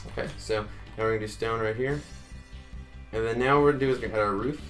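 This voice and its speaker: A man's voice: on the low side, quick pace, soft background music. A man hosting a casual game-building tutorial, talking chattily to viewers and counting blocks aloud. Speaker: Minecraft tutorial host.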